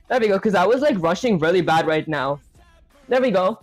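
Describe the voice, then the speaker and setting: A man's voice: sits high, animated, fast talker, dry recording, faint music behind, rough recording. A man hosting a live coding stream, chatting casually and rambling with lots of fillers. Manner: rambling, loose, full of fillers.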